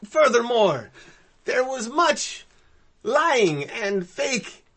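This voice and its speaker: A man's voice: extremely high pitch, sing-song, very slow, fairly bright tone, pitched above the performer's own voice, heavily acted. A man voicing a boastful, vodka-bellied older Russian man in a mock Russian accent, with broken English and a mock-proud, chuckling delivery. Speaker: podcast co-host in a comedy bit.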